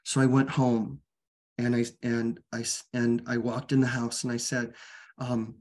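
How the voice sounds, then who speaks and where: A man candidly telling his personal recovery story as a guest, halting and restarting often, earnest and open. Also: medium pitch, level tone, a little mellow.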